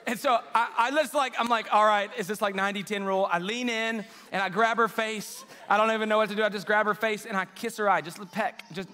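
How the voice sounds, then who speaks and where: A young adult man preaching a sermon, telling a story with quoted dialogue in an animated, self-mocking way. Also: high-pitched, brisk, hardly any pauses, a faint crowd. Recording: live reverberant hall.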